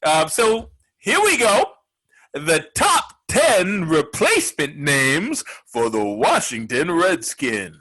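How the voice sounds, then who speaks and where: Loudmouth sports radio guy, swears a lot, rambles with lots of uhs, husky voice that bounces up and down. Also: fairly high pitch, sing-song, slow, poor audio. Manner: brash, profane, filler-heavy rambling. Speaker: sports talk show host. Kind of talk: comedic sports radio talk.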